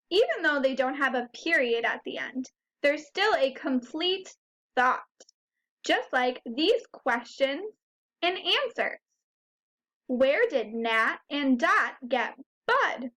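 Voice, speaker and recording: A woman teaching phonics to first graders has a high voice with a fairly bright tone. She enunciates words slowly and clearly, stopping to ask the children questions.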